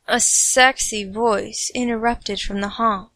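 A woman's voice: a little high, measured pace, fairly bright tone, no echo. A woman narrating a comic fan fiction story with playful, snarky asides.

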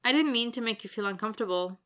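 Bright, excitable young barista, breathless exclamations, as a woman reads the part. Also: a little high, quick pace, clean tone, pitched above the performer's own voice, lightly acted. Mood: apologetic.

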